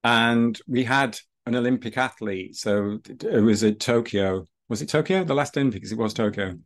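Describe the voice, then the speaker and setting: A man who teaches breathing and running, telling stories in a relaxed podcast chat with many restarts. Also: medium pitch, normal speed. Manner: storytelling, rambling with restarts.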